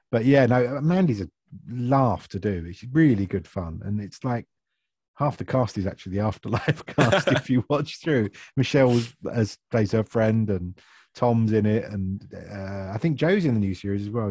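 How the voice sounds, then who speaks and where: Bloke, lowish voice, self-deprecating, laughs a lot, dry close mic. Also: male voice, normal speed, darkish tone, husky, dry recording. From Essex, England. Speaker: actor guest. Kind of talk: casual interview chat.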